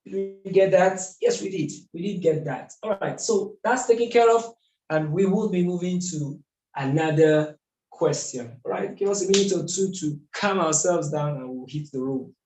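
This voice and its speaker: A math tutor teaches a lesson at a whiteboard, working methodically and posing rhetorical questions along the way. His voice is high-pitched and a little mellow, at a normal speed, and the room is echoey.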